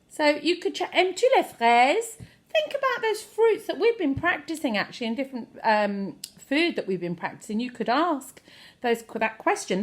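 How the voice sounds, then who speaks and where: Lively woman teaching French phrases. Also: high voice. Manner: lively, expressive, playful overacting of phrases. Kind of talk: online language lesson.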